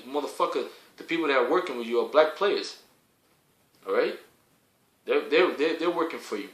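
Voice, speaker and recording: A man preaching in a fiery, foul-mouthed rant, hammering his points again and again and rising to shouts. His voice is bright and pushed. It rings out in an echoey room. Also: medium pitch, animated, normal speed, long pauses.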